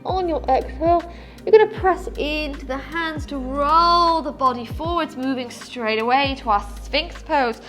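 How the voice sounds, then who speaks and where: Young female yoga teacher, soothing and fond, light high register. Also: measured pace, a bit bright, soft background music. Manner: soothing, affectionate, calls viewers "my loves". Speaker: yoga instructor. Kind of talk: guided yoga class.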